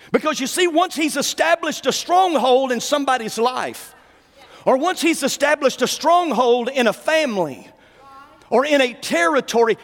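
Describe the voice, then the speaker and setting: A male preacher gives a fervent sermon, sinking into low asides and then rising to shouted declarations. His voice trails off into a long reverb tail.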